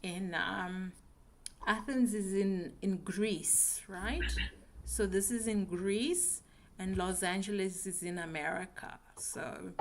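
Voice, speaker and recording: Slow, patient woman teaching English. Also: mid-range voice. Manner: patient, slow, checks understanding with frequent "right?". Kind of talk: beginner English lesson.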